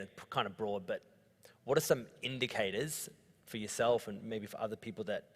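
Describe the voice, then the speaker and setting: A man moderating a church panel, asking questions and quick to affirm the answers. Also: on the low side. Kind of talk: panel discussion. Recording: echoey hall.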